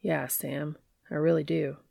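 A gruff older brother who speaks bluntly and curses when cornered, read by a woman in her own low voice. The tone is gravelly with a slight fry, the recording close and dry. It has the feel of a story read aloud. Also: little pitch movement, unhurried, mellow, no echo, full character voice. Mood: earnest. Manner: blunt, swearing. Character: exasperated gruff young man, older brother.

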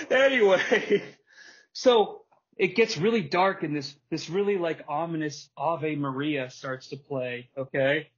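Husky slightly high voiced guy hosting a podcast, chatty and animated, muffled lo-fi sound. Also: a little slow. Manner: animated storytelling, acts out wrestler quotes and laughs often. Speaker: podcast host. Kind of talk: casual chat. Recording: dull lo-fi podcast audio.

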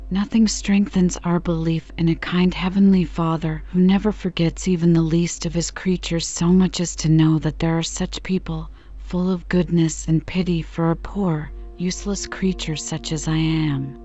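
Woman audiobook reader, calm and measured, slightly low and warm. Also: soft background music. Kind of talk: calm storybook narration. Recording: slightly dull lo-fi recording.

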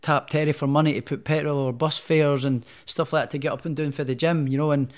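A Scottish professional boxer, interviewed as a guest, tells his story in a casual, rambling, self-deprecating way, restarting often and using many fillers. His voice is fairly high and fairly even, and he talks quickly.

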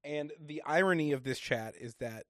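A man co-hosting a podcast, trading jokes and deadpan asides while recapping a reality show. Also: a little high, normal speed, no echo, clean studio sound. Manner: joking, teasing, deadpan asides. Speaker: podcast co-host.

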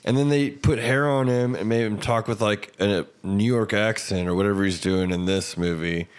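A man's voice: on the low side, moderate pace, clean tone. A man co-hosting a podcast, chatting casually about movies in a laid-back way.

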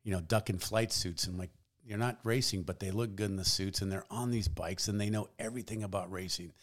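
A man talking as a podcast guest in casual conversation, telling stories in a measured, reflective way. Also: deep voice, fairly even intonation. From United States. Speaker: guest, public defender.

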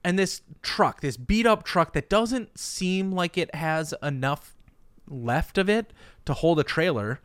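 A man co-hosting a casual chat, telling stories in an animated way and laughing often. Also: fairly high pitch, unhurried, clean tone, no room sound. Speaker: podcast co-host. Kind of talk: casual comedic storytelling.

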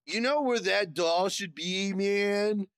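A man's voice: high voice, slow, a bit bright, clean tone, dry recording, clean studio sound, voice pushed up, heavily acted. A man voicing a laid-back young stoner surfer dude with a drawling delivery. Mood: stoned drawl.

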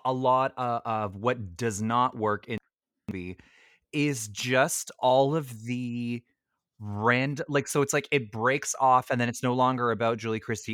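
A man's voice: mid-range voice, fairly bright tone, clean tone, dry recording, studio quality. A man co-hosting a podcast in casual chat, rambling with many restarts. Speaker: podcast co-host.

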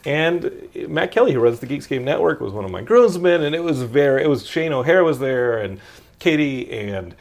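Man, podcast host, middle pitch, enthusiastic, rambling, casual chat. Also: big pitch swings, normal speed, creaky. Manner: rambling, enthusiastic, many restarts.

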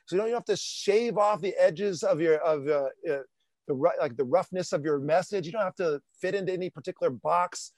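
A man talking as a podcast guest, energetic and animated, with lots of casual fillers. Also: high-pitched, no room sound. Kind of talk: casual interview talk.

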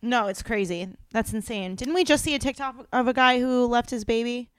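Blunt, wry young woman with a higher voice. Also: normal speed, clean tone, no echo. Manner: wry, blunt, swears, laughs often. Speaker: podcast co-host. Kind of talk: casual chat.

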